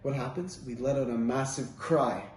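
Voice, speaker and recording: A man's voice: mid-range voice, moderate pace, darkish tone. A man giving an informal Torah talk, telling stories in a casual, rambling way with many fillers. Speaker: Torah teacher. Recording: roomy, distant mic, faint ambience.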